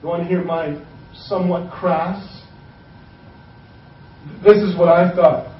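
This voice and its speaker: A man's voice: high voice, little pitch movement, slow pace, recorded from a distance, a little hiss or hum. A man preaching a sermon as pastor, casual and joking as he retells scripture in his own words. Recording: echoey hall, voice from off-mic, dull sound.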